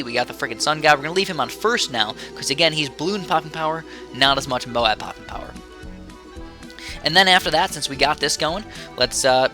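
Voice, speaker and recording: A man's voice: on the high side, sharp tone. A young man giving casual, chatty commentary over his strategy game, wandering into rambling asides. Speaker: gaming YouTuber.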